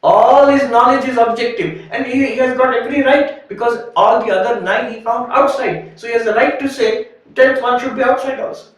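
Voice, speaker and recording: A man's voice: very high voice, normal speed, hardly any pauses. Man lecturing in an echoey hall. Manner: animated, acts out quoted voices in the story. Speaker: monk giving a retreat talk. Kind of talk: spiritual lecture with storytelling. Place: retreat hall. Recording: echoey room, from a distance.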